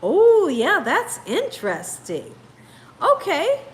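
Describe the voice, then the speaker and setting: A woman's voice: very high-pitched, huge pitch swings, takes it slowly. A woman hosting a live cooking stream, chatting casually with viewers, laughing often and sounding tired. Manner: giggly, laughs often while reading comments. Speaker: cooking show host.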